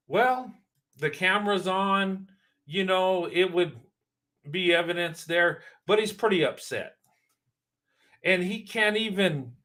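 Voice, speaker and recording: A man's voice: high-pitched, fairly bright tone. A man hosting a reaction video, giving casual commentary in an emphatic, preachy way and repeating points for stress.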